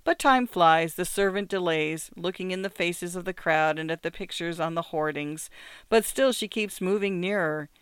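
A courteous devil, calm and pleasant in his menace, as a male storyteller puts him on. His voice is smooth and resonant, sitting a touch high. The sound is dry and close. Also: normal speed, dry recording. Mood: smooth, polite. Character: suave, polite male devil visitor.

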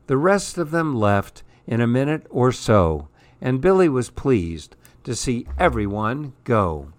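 A man reads a rhyming children's story aloud, slow and measured, keeping the rhythm of the verse. His voice sits in a middle pitch, dry and close with no room sound. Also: very animated, no room sound. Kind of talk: reading a rhyming picture book aloud.

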